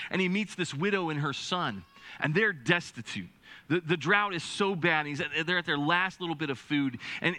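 A middle-aged man, a pastor preaching a sermon in an animated storytelling way, often restarting his sentences. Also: on the high side.

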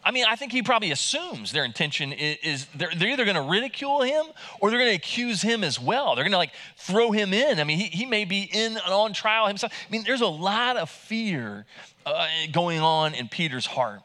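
Animated, bright-voiced male preacher. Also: high-pitched, fairly quick. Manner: conversational, animated, many restarts, acts out quotes in raised voice. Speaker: pastor. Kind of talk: sermon.

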